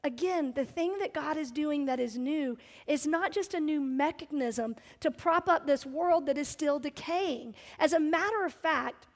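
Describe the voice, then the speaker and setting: A middle-aged woman preaches in a high, bright voice, earnest and personal, pressing hard on her key words. Her sermon carries a long reverb from the large church hall around her. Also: measured pace, few pauses. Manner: earnest, personal storytelling with rising emphasis. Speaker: pastor.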